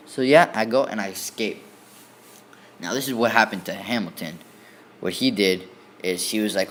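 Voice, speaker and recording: A man's voice: low voice, brisk, a little hiss or hum. A man casually telling a story in the first person, rambling with many restarts and repeated fillers. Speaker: student storyteller.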